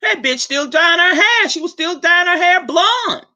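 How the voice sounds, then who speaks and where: A woman hosting her own show, ranting bluntly and swearing freely, with sharp swings up and down in pitch. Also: expressive, unhurried. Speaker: host. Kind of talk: profane ranting monologue. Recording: dull lo-fi recording.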